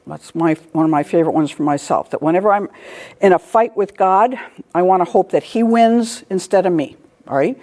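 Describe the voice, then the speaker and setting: A woman's voice: on the low side, a little fast, darkish tone. A middle-aged woman giving a lecture in a conversational way, telling stories, laughing at her own anecdotes and often asking "all right?". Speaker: speaker giving a talk.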